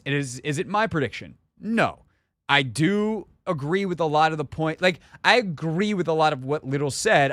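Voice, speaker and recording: A man's voice: on the high side, fairly bright tone, no room sound. Opinionated man hosting sports radio. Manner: chatty, opinionated, quick to interject. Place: radio studio. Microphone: studio microphone.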